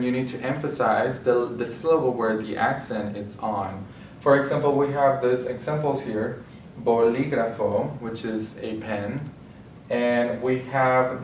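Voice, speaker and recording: A man's voice: mid-range voice, far from the mic, slight background noise. A man explaining a language lesson in a plain, patient teaching style, often restarting his phrases. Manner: explanatory, repeats himself with small restarts. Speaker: Spanish teacher. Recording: echoey room, voice from off mic.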